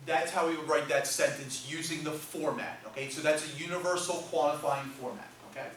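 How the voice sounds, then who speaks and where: A man's voice: fairly high pitch, fairly even intonation, fairly quick, a bit bright, slight background noise. A man giving a math lecture in class, joking with students and tagging nearly every phrase with "okay?". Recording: echoey classroom from far off.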